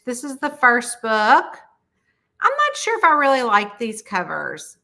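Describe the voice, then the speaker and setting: A middle-aged woman chatting casually with viewers on a livestream. Her voice is bright and sits a little high. She talks in a lively, animated way, jumping up into high voices when she quotes people. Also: unhurried, creaky. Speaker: mystery author hosting a livestream.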